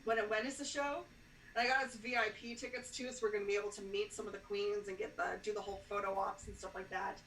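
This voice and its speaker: A woman's voice: medium pitch, little pitch movement, quick pace, few pauses, fairly bright tone. A woman guesting on a podcast, chatting enthusiastically with lots of fillers. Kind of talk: casual chat. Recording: roomy, distant mic with faint noise.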